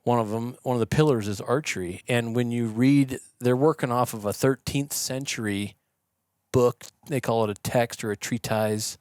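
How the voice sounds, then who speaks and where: A man guesting on a podcast, explaining in a casual, animated way and acting out the yelling of the people he quotes. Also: mid-range voice, normal speed, clear, resonant tone, dry recording, clean studio sound. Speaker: podcast guest, shooting instructor. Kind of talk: conversational explaining. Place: podcast studio.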